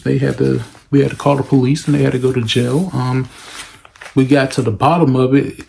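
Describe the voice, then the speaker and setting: A man's voice: medium pitch, creaky, mellow, lightly acted, rough recording. A man playing a formal, cautious school principal who talks politely and hesitantly with many ums.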